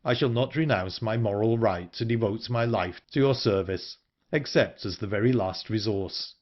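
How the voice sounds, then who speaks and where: A man voicing a grave, reserved man in an audiobook, speaking low and slowly. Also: dull audio, natural voice. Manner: low, slow, restrained. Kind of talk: audiobook character reading.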